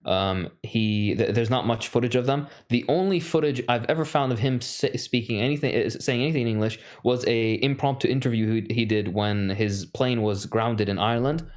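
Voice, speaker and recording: A man in casual podcast chat, telling stories in a relaxed way with fillers. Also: mid-range voice, normal speed, few pauses.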